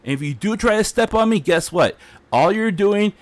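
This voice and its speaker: A man's voice: sits high, lively intonation, normal speed, no room sound. Defiant man ranting on stream. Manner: defiant, heated, repetitive. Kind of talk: ranting livestream monologue.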